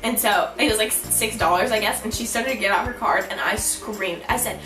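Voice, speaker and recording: A young woman vlogger telling a storytime in an animated, giggly way, acting out her own shouts. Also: medium pitch, fairly quick, hardly any pauses, recorded from a distance. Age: young adult. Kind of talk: storytime vlog. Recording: echoey room, a bit off-mic, music behind.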